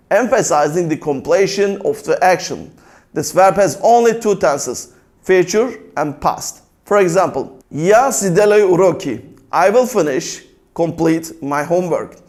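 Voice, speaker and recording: A man with a notably high voice delivers a scripted language lesson. He recites vocabulary slowly and deliberately, pausing after each word, then moves into calm, orderly grammar explanations. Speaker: language teacher.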